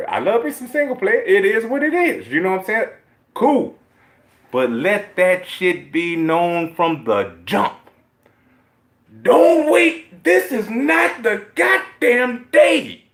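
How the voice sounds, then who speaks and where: A man giving a heated, profane rant to his viewers, with emphatic repeated points that swing from low muttering to loud, high outbursts. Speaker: gaming vlogger.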